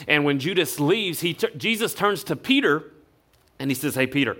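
A male pastor, preaching a sermon in a relaxed, conversational storytelling way. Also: a little high, normal speed. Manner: conversational storytelling, acts out quotes.

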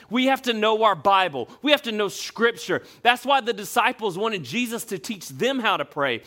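Bright, high-voiced male preacher. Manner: animated preaching, dropping low and slow for scripture. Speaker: pastor. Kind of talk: sermon.

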